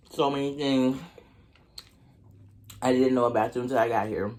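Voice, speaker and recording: A young man with an Oklahoma accent tells a storytime to camera while eating. His delivery is casual, slangy and full of profanity. It jumps in pitch whenever he acts out his irritation. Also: fairly even intonation, moderate pace, a little mellow. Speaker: vlogger. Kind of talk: storytime mukbang.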